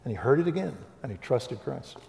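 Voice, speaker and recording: A man's voice: mid-range voice, a little fast, vocal fry. Older man preaching in a hall. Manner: animated storyteller, acts out dialogue. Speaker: Christian speaker. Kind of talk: preaching testimony. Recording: reverberant hall.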